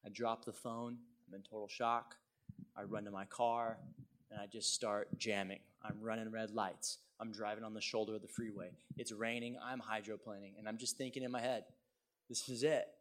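A middle-aged male pastor telling a personal story in a sermon, swinging from hushed tones to loud exclaims. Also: fairly low pitch, level tone, moderate pace.

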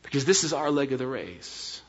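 A man's voice: mid-range voice, big pitch swings, moderate pace, husky. A man preaching a sermon as pastor, earnest and storytelling, calling his congregation friends. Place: church sanctuary. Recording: dull sound in a reverberant church hall.

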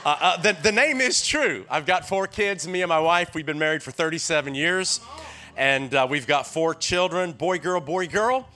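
The speaker is a sixty-something man with a Tennessee accent, preaching as a guest at normal speed in a voice on the high side. He calls out to the crowd and keeps them responding, weaving in folksy stories that he frequently starts over.

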